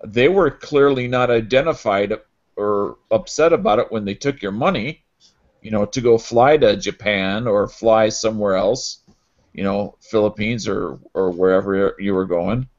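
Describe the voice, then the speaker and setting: A man in a casual group talk show, speaking in a halting way that restarts words. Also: on the low side, muffled recording.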